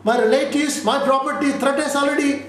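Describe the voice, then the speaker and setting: A man's voice: very high voice, fairly even intonation, brisk, fairly bright tone. A man from India, a lawyer giving an interview, speaking emphatically with repeated lists and rhetorical questions. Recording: echoey room from far off, faint noise.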